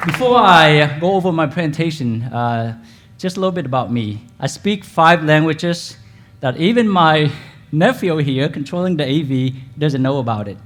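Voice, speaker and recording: A man with a Vietnamese accent, a dentist, telling his story in an animated keynote speech at a hotel event, asking the audience questions. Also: fairly high pitch, moderate pace, some chatter behind, a little hiss or hum.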